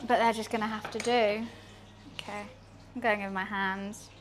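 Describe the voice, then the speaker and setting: This time the woman speaks at a medium pitch and a normal speed, her delivery flat. Streaming from her home kitchen as she cooks, she chats casually and self-deprecatingly with viewers. The quiet sizzle of frying runs in the background.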